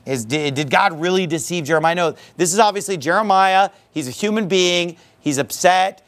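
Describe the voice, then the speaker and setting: Male preacher giving a sermon, high voice, keeps asking questions and hammering the point. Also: normal speed, a bit bright. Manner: emphatic, rhetorical questions.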